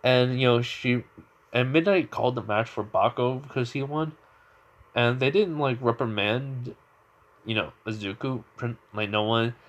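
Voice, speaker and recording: A man's voice: medium pitch, a little slow. Man rambling through an improvised fan story. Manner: rambling, full of fillers and restarts.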